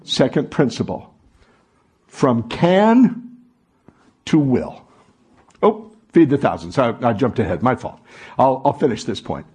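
A man's voice: medium pitch, sing-song, takes it slowly, long pauses, darkish tone, husky. A man preaching a sermon to a congregation, asking the room call-and-response questions. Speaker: pastor.

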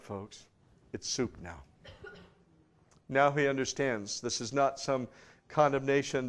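A man preaching a sermon, emphatic, swinging from loud passages to hushed ones with dramatic pauses. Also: mid-range voice.

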